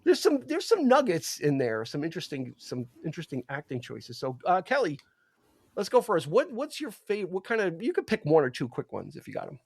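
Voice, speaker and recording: A man hosting a casual podcast chat, playful and quick to laugh as he runs a quiz game. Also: on the high side, huge pitch swings, a little mellow, slightly rough, dry recording. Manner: playful, laughs often, quiz-master banter. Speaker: podcast host.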